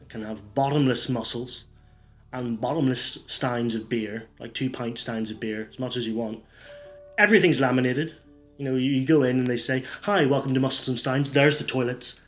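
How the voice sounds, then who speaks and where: Brief: man, absurd one-liner stand-up, rambling delivery, faint music behind. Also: medium pitch. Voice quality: rambling, self-interrupting. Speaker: stand-up comedian.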